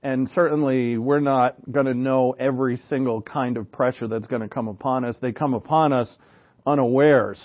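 A man delivers a sermon in an earnest, conversational manner, tossing in asides and rhetorical questions. His voice sits at a middling pitch for a man. The recording is slightly muffled and lo-fi. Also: fairly even intonation, normal speed. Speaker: pastor.

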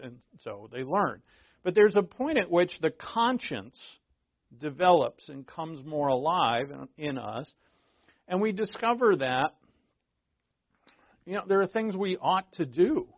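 A man with a somewhat high voice teaches a Bible passage verse by verse, talking it through casually and restarting phrases as he goes. The recording sounds dry and a little dull, with no room around him. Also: no echo. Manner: conversational and digressive, with frequent restarts; explains terms plainly for listeners.

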